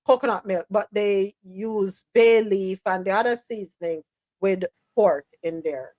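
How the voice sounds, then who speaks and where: A woman, co-hosting a relaxed live chat show and dropping patois phrases. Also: medium pitch, unhurried, crowd noise, rough recording. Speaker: co-host. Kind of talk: casual chat on a live stream.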